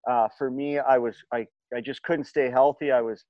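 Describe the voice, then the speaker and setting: A man's voice: mid-range voice, fairly even intonation, moderate pace, no room sound. A middle-aged man spins long, rambling stories in casual chat, circling back through fillers and false starts. His voice sits mid-range. The sound is dry and a little dull. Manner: rambling, many fillers and restarts. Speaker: podcast guest, former hockey player. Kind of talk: casual storytelling.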